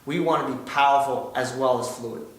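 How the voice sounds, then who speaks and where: Patiently running a martial arts demonstration lesson, a man explains a drill step by step and keeps asking "okay?" to check in. His voice is medium-pitched, steady and moderately paced. The room echoes, he's far from the mic, and there's a lot of noise.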